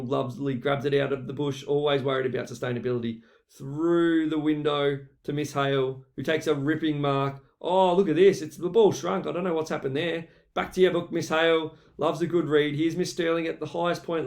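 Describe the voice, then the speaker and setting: A man calls a video in the manner of a football commentator, teasing and lively. His voice sits a little high for a man. The delivery is quick with one-liners. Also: gravelly. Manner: playful, teasing, animated commentator. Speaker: mock sports commentator. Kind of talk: jokey mock football commentary.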